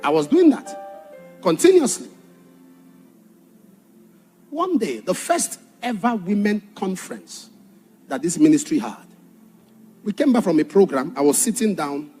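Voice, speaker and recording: A man preaching a sermon and telling a personal testimony, dramatic, shouting some points and dropping low on others. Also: very animated, unhurried, long pauses, soft background music. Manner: dramatic, shouts for emphasis then drops low. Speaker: pastor.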